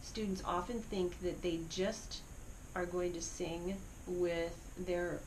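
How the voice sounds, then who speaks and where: A woman's voice: fairly low pitch, steady tone, takes it slowly, noisy background. A middle-aged woman teaching a singing lesson, encouraging students as she explains vocal exercises. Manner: encouraging, demonstrating vocal slides. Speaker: music teacher.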